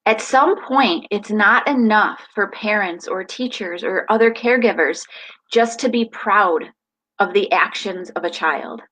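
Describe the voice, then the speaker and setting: A woman hosting a live parenting advice talk, animated and emphatic as she speaks straight to viewers. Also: mid-range voice, measured pace, low-quality recording. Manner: animated, emphatic, acts out family dialogue.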